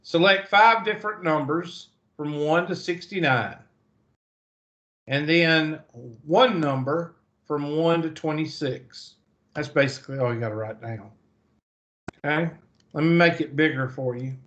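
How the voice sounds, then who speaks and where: A man with a Southern US accent teaches a math class over a video call, and the audio comes through muffled. His voice is on the high side and fairly bright, and he speaks unhurriedly, chatting and thinking aloud as he lectures online.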